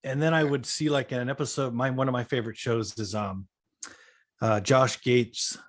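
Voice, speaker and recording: A man's voice: medium pitch, fairly even intonation, moderate pace. A man in casual podcast chat, joking and swearing as he tells stories. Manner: joking, profane, drawling.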